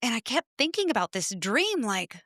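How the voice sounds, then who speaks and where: A woman's voice: on the high side, big pitch swings, normal speed, sharp tone, no room sound. A woman chatting as a podcast guest from her home studio, telling stories animatedly and acting out conversations. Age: adult with children. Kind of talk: casual chat.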